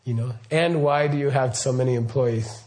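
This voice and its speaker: A man's voice: medium pitch, normal speed, a little mellow. A middle-aged man giving a loose, rambling Buddhist talk, often checking in with his listeners. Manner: rambling, asks listeners questions, frequent okay and right. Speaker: Buddhist teacher. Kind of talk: casual spoken teaching.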